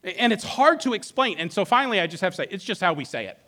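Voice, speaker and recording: A middle-aged male pastor preaching with a high, bright voice. His pitch swings widely as he tells the story in a playful, animated way, often restarting his sentences. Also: quick pace. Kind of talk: sermon.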